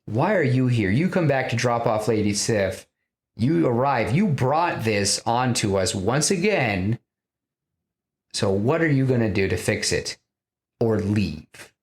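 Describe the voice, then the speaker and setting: A man's voice: medium pitch, lively intonation, a little slow, reverberant, natural voice. A man voicing a resentful male townsman who scolds a failed king in an accusing tone.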